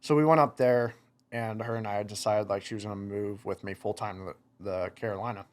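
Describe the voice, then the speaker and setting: A young man, a podcast guest, telling stories in casual chat, animated, laughing and acting out what people said. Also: on the low side, a little fast. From United States. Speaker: podcast guest, motocross racer. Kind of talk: casual storytelling.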